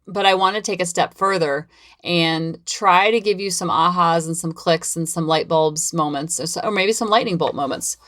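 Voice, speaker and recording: A woman with a fairly low voice hosts her own parenting podcast alone. She talks casually and keeps an upbeat, rambling flow, circling back over the same points again and again. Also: normal speed, fairly bright tone. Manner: chatty, rambling and upbeat, with lots of repetition. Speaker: parenting coach and podcast host. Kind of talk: casual solo podcast talk.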